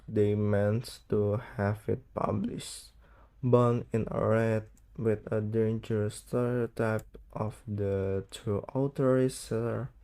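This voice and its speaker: A teenage student reads a classic novel aloud, slowly and carefully. His tone is mellow and soft, and he often stumbles over words or gets them wrong. It sounds like a school read-aloud, not a polished narration. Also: lowish voice, smooth. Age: late teens. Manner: halting, misreads words, stumbles. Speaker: student reading an audiobook.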